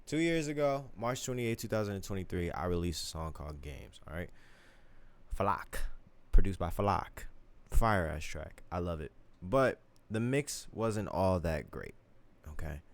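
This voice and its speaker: Low-voiced man on a casual livestream. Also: animated, normal speed. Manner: loose, profane, rambling and joking. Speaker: streamer and musician. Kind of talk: casual late-night livestream chat. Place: home recording studio.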